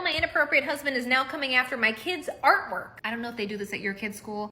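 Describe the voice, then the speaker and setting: Mom vlogger gal telling stories, bright voice, laughs a lot, swears casually. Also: female voice, sits high. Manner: chatty, profane, laughs often. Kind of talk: casual storytelling vlog.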